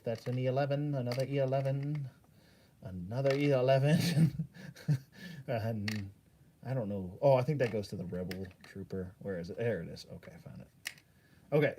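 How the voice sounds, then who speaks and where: Rambling, jokey man at mid pitch. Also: slight background noise. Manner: jokey, rambling, laughs often, loses his train of thought. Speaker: toy collector. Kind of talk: casual rambling vlog.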